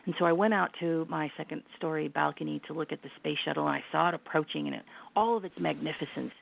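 A middle-aged woman with a low, gravelly voice speaks earnestly and reflectively as a guest, often restarting her sentences. The sound comes through a tinny phone line. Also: fast talker. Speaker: guest, lifestyle brand founder. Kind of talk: casual interview chat.

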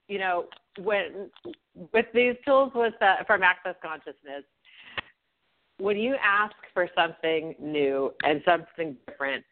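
Woman co-host, unhurried, reflective, laughs a lot, tinny phone-like audio. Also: fairly low pitch. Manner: reflective, laughs between thoughts. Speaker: podcast co-host. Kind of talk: casual chat.

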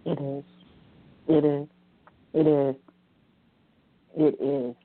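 A middle-aged woman hosting a call-in show, speaking slowly and with emphatic repetition. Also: low-pitched, flat delivery. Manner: slow, emphatic, repeating words. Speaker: host. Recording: dry, tinny phone-like sound.

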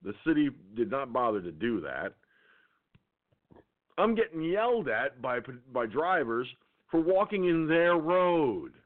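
A man's voice: a little high, sing-song, a little slow. A man hosting an internet radio show, telling a profane, angry story in a ranting monologue. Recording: tinny phone-line sound.

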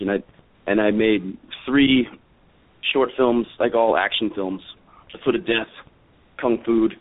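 A man in his thirties, a guest wrestler on a radio show, talking casually and rambling with many fillers and restarts. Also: on the low side. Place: after party. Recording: phone-like radio audio.

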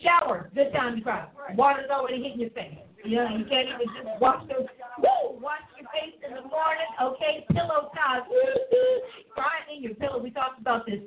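Brief: exuberant woman show host, high voice, phone-thin sound. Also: fairly quick, few pauses, phone-quality sound, crowd noise. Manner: exuberant, preachy, laughing. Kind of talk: lively live show chat.

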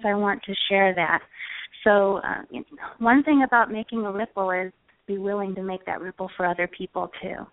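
A woman's voice: medium pitch, dry recording. A woman guest speaks earnestly about sharing her message, with a faith-centered tone and the odd chuckle. Her voice comes through a tinny phone line with a dry sound. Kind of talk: conversational advice on a call-in show.

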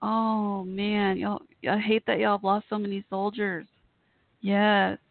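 A woman's voice: medium pitch, little pitch movement, takes it slowly, gravelly, no echo. A woman hosting a live internet radio show, gushing and emotional, rambling as she talks. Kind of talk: casual live chat show. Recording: tinny phone-like sound, dry.

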